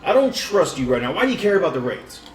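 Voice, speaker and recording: A man voicing a gruff, serious dwarven woman bartender who fires off questions in a high voice. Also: quick pace. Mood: suspicious. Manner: loud, excited, suspicious questioning. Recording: roomy, distant, music behind.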